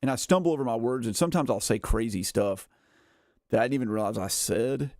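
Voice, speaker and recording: Speaking briskly in a medium-pitched, slightly mellow voice, a man in his thirties streams a game and chats casually. He rambles with lots of "like" and "uh" and frequent chuckles, and the gaming streamer's audio is clean studio sound with no echo.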